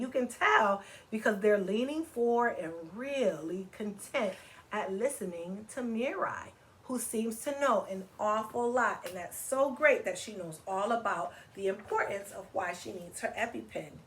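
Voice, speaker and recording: An animated woman reading a picture book to children. She talks in a teacherly way and keeps pausing to ask her young listeners questions and get them to join in. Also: medium pitch, a little hiss or hum. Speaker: children's story reader. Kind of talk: read-aloud for children.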